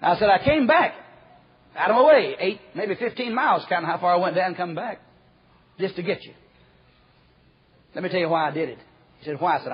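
A man preaching a folksy storytelling sermon, acting out the quoted voices and dropping to a hush at times. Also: sits high, expressive, a little fast, long pauses, slightly rough. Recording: muffled lo-fi recording.

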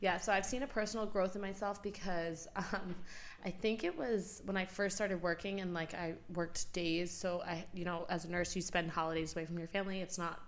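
A young American woman co-hosting a podcast, speaking in a relaxed, reflective way with frequent ums. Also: lowish voice, a little fast, slight background noise. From United States. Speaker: podcast co-host. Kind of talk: casual chat.

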